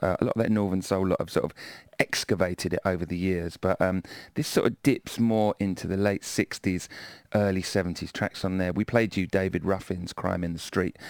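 A man with a South London accent, back-announcing records on a music radio show in a relaxed, self-deprecating way. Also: sits low, no room sound, clean studio sound. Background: faint music.

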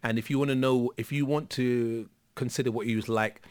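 A man tells his story animatedly, stumbling over fillers and restarting his sentences. His voice sits at an ordinary pitch and sounds close and dry, with no room around it. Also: steady tone, a little fast, darkish tone, clean tone, no room sound. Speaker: guest musician. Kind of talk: casual storytelling interview.

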